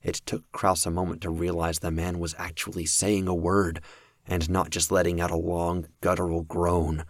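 A man reading a novel aloud as an audiobook narrator, with steady, even storytelling. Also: low voice, moderate pace, no echo, studio quality.

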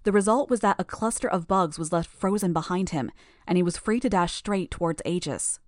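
A woman reading a first-person story aloud in a steady, measured narration. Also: fairly low pitch, no room sound, studio quality. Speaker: audiobook narrator.

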